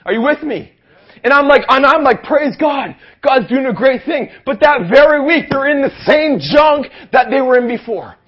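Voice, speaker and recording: Young male pastor, high voice, energetic rally sermon, muffled lo-fi recording. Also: normal speed. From Canada. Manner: energetic preaching, asks the crowd for amens, rises to shouts. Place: youth rally hall.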